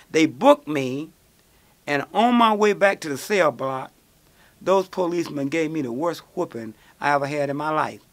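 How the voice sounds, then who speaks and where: Man, radio host, lively storyteller, bright voice, higher pitch. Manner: animated storyteller, acts out quoted voices. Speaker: radio show host answering listener questions. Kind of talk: storytelling call-in answers.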